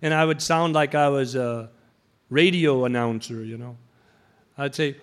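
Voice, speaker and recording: A man's voice: mid-range voice, unhurried, long pauses. A man preaching an anecdotal sermon, telling stories and acting out the voices of the people in them. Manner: storytelling, acts out quoted voices.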